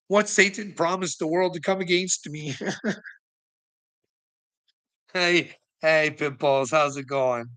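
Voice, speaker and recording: A man's voice: a little high, slow, pauses often, sharp tone. A man hosting his own vlog, talking to his viewers in a rambling, profane monologue and laughing between his lines. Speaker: channel host.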